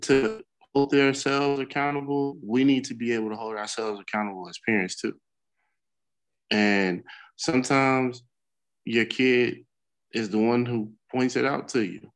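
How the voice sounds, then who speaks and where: A middle-aged man co-hosting a casual podcast, his voice sitting at an ordinary middle pitch. He talks candidly and cusses freely while he tells a story, his speech loose and unscripted. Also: poor audio. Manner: candid, profane storytelling with bursts of laughter. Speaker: podcast co-host. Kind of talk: casual chat.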